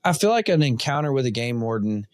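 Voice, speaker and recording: A man in a relaxed podcast chat who tells stories with energy and acts out the quotes. His voice sits in the middle range. The sound is dry and close, with no room echo. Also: medium pitch, fast talker. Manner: animated storyteller, acts out quotes. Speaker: podcast host. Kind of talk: casual conversation.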